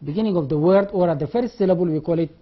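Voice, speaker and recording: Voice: mid-range voice, racing. Lecturer spelling words aloud. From Sudan. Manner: repeats key terms and spells words out letter by letter; demonstrates sounds aloud. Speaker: university lecturer. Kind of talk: classroom lecture. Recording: dull lo-fi classroom recording.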